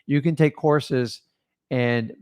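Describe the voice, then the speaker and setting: A man's voice: mid-range voice, takes it slowly, darkish tone, clear, resonant tone. A middle-aged man co-hosting a casual real estate coaching chat, earnest and advice-giving, talking straight to viewers. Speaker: co-host, real estate investor.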